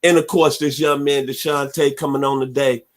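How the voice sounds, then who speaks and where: A man from Memphis, Tennessee, hosting sports talk radio, giving heartfelt shout-outs. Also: medium pitch, fairly even intonation, normal speed. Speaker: host.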